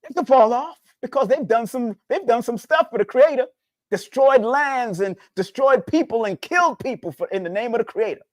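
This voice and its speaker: A man's voice: brisk, no echo. Preachy man with a dry close sound. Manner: preachy, repetitive, animated swings in pitch. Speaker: spiritual numerology teacher. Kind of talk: casual spiritual talk.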